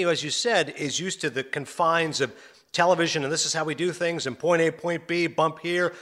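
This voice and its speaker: Casting: middle-aged man, bright forceful voice, lively storyteller who laughs easily. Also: a little high. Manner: animated storyteller, laughs often, acts out quotes. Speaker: sports broadcaster and podcast host. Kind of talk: casual interview chat.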